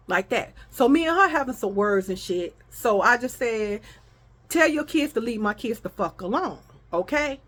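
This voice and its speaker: Animated woman telling a story. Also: a little high, measured pace. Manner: animated, profane, acts out quoted arguments. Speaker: vlogger. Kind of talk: casual storytelling to viewers.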